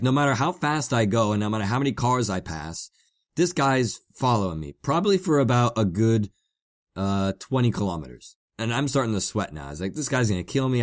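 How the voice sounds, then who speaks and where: A man hosting a podcast, telling a casual story in a rambling way with many fillers and repeated words. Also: on the low side. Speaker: podcast host.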